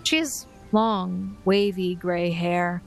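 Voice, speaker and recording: Casting: woman game master, calm descriptive narration for a tabletop game, faint music behind. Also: fairly low pitch, gravelly. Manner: descriptive, unhurried, with soft laughs.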